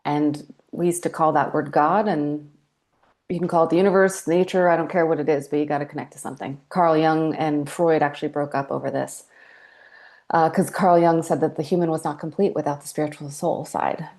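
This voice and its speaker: A woman in her forties, a podcast guest telling her story in a calm, reflective, measured way. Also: sits low. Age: 40s. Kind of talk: candid interview talk.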